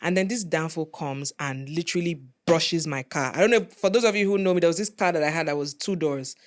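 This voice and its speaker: Animated Nigerian woman storyteller. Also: low-pitched, quick pace. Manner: animated storyteller, acts out voices. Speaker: podcast co-host. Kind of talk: casual chat.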